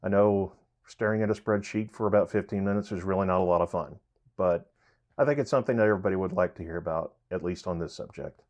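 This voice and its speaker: A man hosting a woodshop channel, explaining pricing in a relaxed, rambling way with many fillers and self-corrections. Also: low-pitched, quick pace. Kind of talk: casual how-to explanation.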